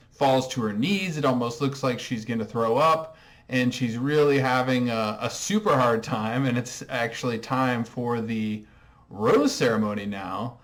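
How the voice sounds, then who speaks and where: A man hosting a comedic TV recap monologue, talking in a dry, sarcastic way. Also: medium pitch. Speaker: recap host.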